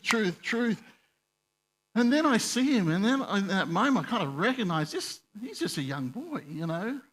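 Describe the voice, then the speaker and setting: A man's voice: fairly high pitch, slight background noise. A male pastor, telling a personal story in a conversational, self-deprecating sermon. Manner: conversational, self-deprecating, animated when retelling dialogue.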